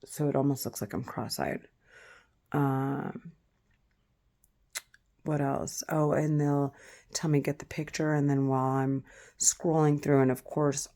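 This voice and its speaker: A woman vlogger talking casually to the camera, halting, with frequent pauses and fillers. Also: very deep voice, dark tone.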